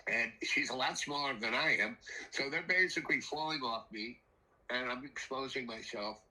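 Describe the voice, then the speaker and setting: An older man telling a rambling personal story in a casual, animated way, acting out the voices of the people in it. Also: medium pitch, moderate pace, rough recording. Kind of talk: casual spoken anecdote.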